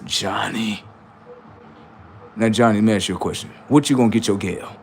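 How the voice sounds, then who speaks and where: A man's voice: on the low side, moderate pace, a little mellow, slight background noise. A man streaming live, rambling through commentary and stories and checking in with "right?" often.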